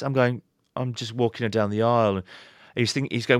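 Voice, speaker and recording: A man's voice: fairly quick, dry recording, clean studio sound. A man, a pastor and author, telling stories as a podcast guest and acting out the people he quotes. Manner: animated storyteller, voices quoted people with pitch jumps. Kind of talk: casual podcast interview.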